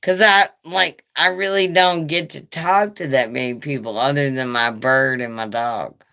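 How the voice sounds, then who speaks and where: A woman live streaming in casual chat, with a raspy voice like a chain smoker's, talking in a nervous, rambling, profane way. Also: rumbling low, unhurried, fairly bright tone.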